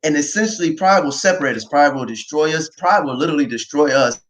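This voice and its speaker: A man hosting a casual faith talk livestream, animated and often laughing, tagging lines with "right?". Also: on the high side, poor audio. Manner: animated, quick to laugh, repeats himself, says "right?" often. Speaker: podcast host.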